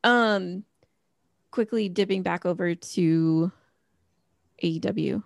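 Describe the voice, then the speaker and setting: A woman's voice: fairly low pitch, slow pace, creaky, no room sound, clean studio sound. A middle-aged woman co-hosting a podcast, chatting casually and rambling with lots of fillers. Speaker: podcast co-host. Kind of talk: casual chat.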